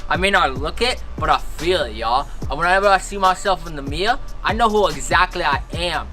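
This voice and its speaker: Young guy doing a bright, bouncy wannabe thug teen, calls everybody dog, all swagger. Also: fairly high pitch, expressive, brisk, soft background music. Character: white teen boy posing as a street thug. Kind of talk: comedy sketch.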